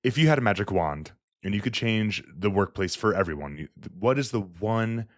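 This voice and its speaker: A man's voice: lowish voice, lively intonation, moderate pace, dry recording, studio quality. A man hosting a podcast, chatting casually and enthusiastically with a guest. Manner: enthusiastic, many "like" fillers. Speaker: podcast host. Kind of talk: casual interview chat.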